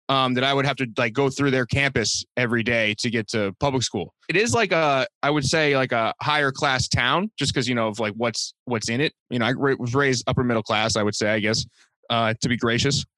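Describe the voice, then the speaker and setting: A young man from the Boston area talks quickly as a guest in a casual interview. His voice is bright and forward, and he rambles along with lots of "like" and "you know". The sound is close and dry. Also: mid-range voice, dry recording. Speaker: guest, comedian and designer.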